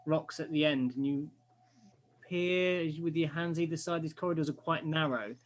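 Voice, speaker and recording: A man narrating a tabletop game as game master, pausing often with fillers. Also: fairly high pitch, steady tone. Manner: hesitant, many fillers.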